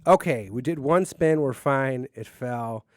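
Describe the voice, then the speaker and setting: A young adult man hosting a solo podcast from his basement, rambling, crude and quick to slide into angry rants. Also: mid-range voice, a little hiss or hum. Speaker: podcast host. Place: home basement.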